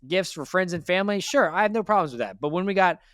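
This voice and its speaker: A man's voice: high-pitched, expressive, quick pace, a bit bright, no echo, clean studio sound. A man hosting a debt interview, giving blunt, lecturing advice and repeating his points. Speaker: financial advice host. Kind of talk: direct money coaching.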